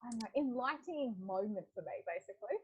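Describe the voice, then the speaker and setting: A young woman, a podcast guest, telling a story in casual chat, animated and quick to laugh, acting out what others said. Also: fairly high pitch, slightly rough, low-quality recording. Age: young adult. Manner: animated, laughs often, acts out quoted lines.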